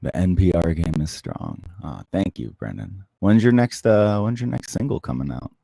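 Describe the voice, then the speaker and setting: A man hosting a casual livestream, chatting softly and closely into the microphone as he answers viewer comments. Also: sits low, sing-song, moderate pace, vocal fry, no room sound. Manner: soft-spoken, close to the mic. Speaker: livestream host.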